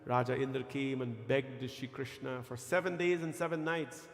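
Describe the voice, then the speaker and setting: A man's voice: medium pitch, steady tone, moderate pace. Man, temple pandit, sermon with chanted verses, reverberant hall. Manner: chanting Sanskrit verses, rising to loud fervor. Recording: echoey temple hall with music.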